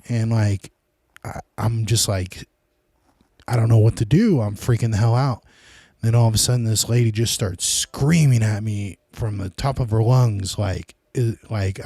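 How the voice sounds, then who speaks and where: A man's voice: on the low side, a little mellow, no room sound, clean studio sound. A man hosting his own podcast, rambling loosely and casually in a solo monologue. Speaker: podcast host.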